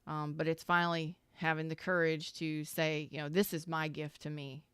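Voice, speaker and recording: Low, crystal-clear woman reading tarot. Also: little pitch movement, normal speed, a bit bright, dry recording. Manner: emotional, earnest, talks straight to the listener with frequent sighs and repeats; informal, swears now and then. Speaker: tarot reader. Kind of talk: casual spoken tarot reading.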